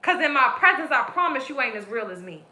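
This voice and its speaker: Aggressive high-voiced woman ranting. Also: sing-song, fast talker, bright, forceful tone. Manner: aggressive, profane and preachy. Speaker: tarot reader. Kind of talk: live-stream spiritual rant. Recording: echoey room.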